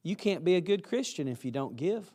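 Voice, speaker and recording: Casting: man, preacher, folksy and emphatic, slightly higher voice. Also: big pitch swings, fairly quick, warm tone, breathy edge. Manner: folksy, emphatic, acts out quoted students. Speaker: college preacher. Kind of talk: chapel sermon.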